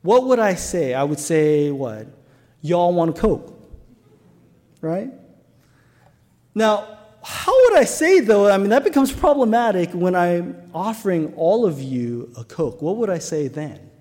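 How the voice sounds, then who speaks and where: A man's voice: sits high, very animated, moderate pace, darkish tone. Man preaching in a reverberant hall. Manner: storytelling with rhetorical questions to the congregation. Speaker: pastor. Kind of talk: sermon.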